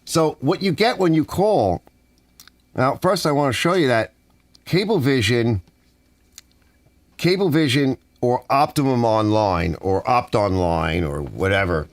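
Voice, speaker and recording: Man, from the US, ranting, exasperated, lively swings in pitch, dry studio sound. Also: dry recording. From United States. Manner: exasperated, animated complaining with softened swearing. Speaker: channel host. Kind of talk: ranting casual monologue. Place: home garage studio.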